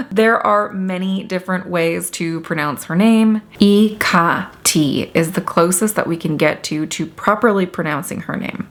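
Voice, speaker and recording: A woman hosting her own channel, giving a chatty educational talk with bubbly asides and quick laughs. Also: lowish voice. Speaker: channel host.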